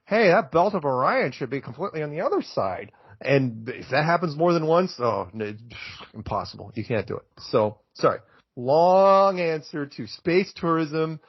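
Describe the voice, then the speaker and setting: A man talks in an emphatic, excitable rush, with a slightly husky, breathy edge to a voice a little higher than most men's. The sound is dull and lo-fi, and close and dry with no room around it. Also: no room sound. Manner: excitable, emphatic, gets worked up. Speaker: podcast guest. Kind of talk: animated conversational rant.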